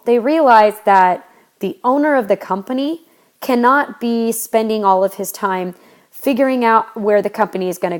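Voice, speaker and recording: A young adult woman teaches a history lesson in a recorded lecture, talking casually and explaining step by step with frequent fillers and restarts. Her voice is medium in pitch with a darkish tone.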